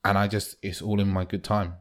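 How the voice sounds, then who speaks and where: A man's voice: sits low, fairly quick. A man co-hosting a podcast, chatting casually and acting out quoted lines. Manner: animated, acts out quoted lines. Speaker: podcast co-host.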